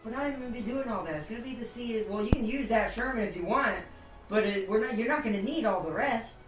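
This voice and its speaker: A man's voice: high-pitched, fast, over music. A man chatting casually with friends on a gaming stream, rambling and laughing often. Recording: distant mic in an echoey room.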